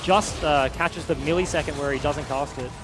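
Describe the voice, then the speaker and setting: A man giving quick analytical color commentary on an esports match, bantering with his co-caster. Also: a little high, over music.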